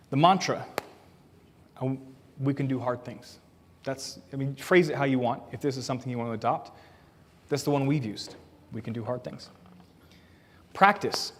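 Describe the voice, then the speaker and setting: A man preaching a sermon as a pastor, earnest and plain-spoken, asking the congregation questions as he teaches. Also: medium pitch. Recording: long reverb of a church hall.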